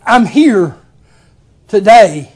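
A man's voice: sits high, very animated, drawn-out words, a little mellow, slightly rough. A man preaching a folksy sermon, telling the story with exclamations and chuckles.

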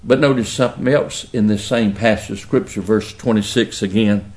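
Southern US male pastor, earnest folksy sermon storyteller, fairly low voice, roomy church sound. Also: steady tone, normal speed, darkish tone.

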